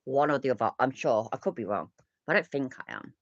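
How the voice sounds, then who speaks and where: A woman's voice: very deep voice, very animated, quick pace, no echo, dull audio. A British woman hosting a live reaction stream, chatty and sweary with laughing asides. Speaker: livestream host reacting to videos. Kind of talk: casual live reaction commentary.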